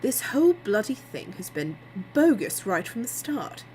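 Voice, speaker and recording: A woman's voice: mid-range voice, very animated, unhurried, dark tone, a little hiss or hum, pitched above the performer's own voice, poor audio. A woman voicing a dry, cutting man in a storybook reading. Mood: cold.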